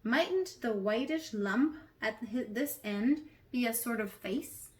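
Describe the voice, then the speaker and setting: A woman's voice: a little high, lively intonation, takes it slowly. A woman voicing a mild, thoughtful she-elephant in a storybook reading.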